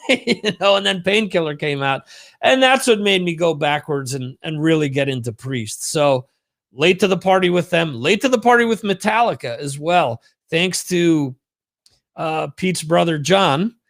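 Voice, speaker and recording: A man's voice: fairly high pitch, measured pace, gravelly, fairly bright tone. A man hosting a livestream, talking in a chatty, rambling, profane way. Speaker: livestream host. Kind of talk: casual livestream monologue.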